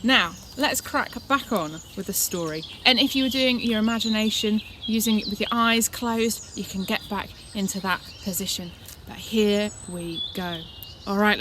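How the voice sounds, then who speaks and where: Outdoors in woodland, a woman with a medium-pitched voice leads a children's church lesson, mixing activity and storytelling. She talks to the kids in a playful, encouraging way. The background is noisy, with birdsong behind.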